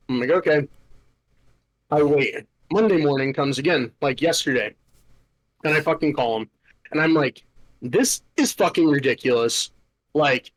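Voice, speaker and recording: A man's voice: medium pitch, low-quality recording. A young man hosting a podcast, telling a story in a casual, exasperated rant full of swearing and filler words. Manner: profane, exasperated ranting with many filler "like"s. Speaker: podcast host.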